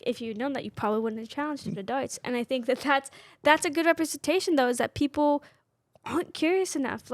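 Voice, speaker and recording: A woman in her twenties co-hosts a podcast in casual chat. She talks in a candid, personal way and sprinkles "like" through almost every phrase. Her voice sits a little high and sounds dry and close, with no room echo. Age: 20s. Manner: candid, personal, constant "like" fillers. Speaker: podcast co-host.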